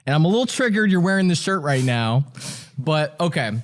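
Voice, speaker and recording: A man's voice: on the high side, lively intonation, fairly quick. A man guesting on a podcast, venting in a heated, swearing rant. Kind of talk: casual podcast chat.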